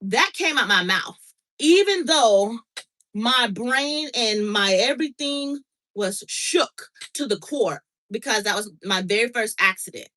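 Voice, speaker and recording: A woman's voice: fairly high pitch, unhurried, low-quality recording. A middle-aged woman hosting a casual chat, animatedly recounting a story and checking in with her listener. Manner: animated, reenacts dialogue, frequent "okay?" check-ins. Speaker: podcast host.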